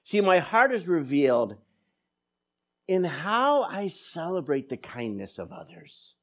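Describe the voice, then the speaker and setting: A man's voice: a little high, slow pace. A middle-aged man preaching a sermon as pastor, telling stories with quoted dialogue. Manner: animated storytelling with quoted dialogue.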